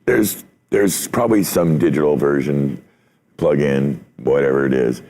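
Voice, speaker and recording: A man's voice: rumbling low, unhurried, warm tone. A man hosting a podcast interview, talking in a loose, rambling way with casual swearing. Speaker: podcast host.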